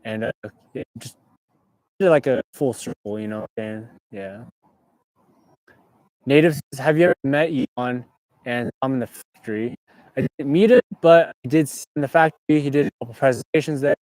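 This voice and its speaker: Streaming from inside his car, a young Californian man chats casually and reads viewer comments aloud in a laid-back way. His voice is medium-pitched and a little mellow at a moderate pace, recorded dry on a clip-on mic.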